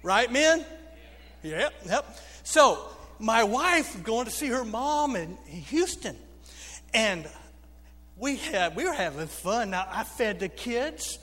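A pastor preaching a sermon, telling funny stories and calling out to the congregation. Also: male voice, extremely high pitch, big pitch swings, slow pace, sharp tone. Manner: storytelling preacher, humorous asides to the congregation. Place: church sanctuary. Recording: long reverb of a church hall.

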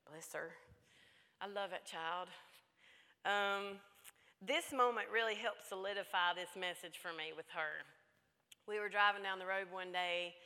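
Woman, middle-aged, bright forceful voice, folksy preaching, echoey hall. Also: on the low side. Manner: emphatic, folksy storytelling. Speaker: women's conference speaker. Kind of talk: sermon-style talk.

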